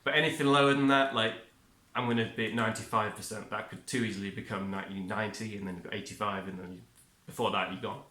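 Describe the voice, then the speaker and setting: A man's voice: on the low side, fairly even intonation, quick pace, few pauses, sharp tone. Rambling man, echoey room. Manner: rambling, self-interrupting, upbeat. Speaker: vlogger. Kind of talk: casual self-help monologue.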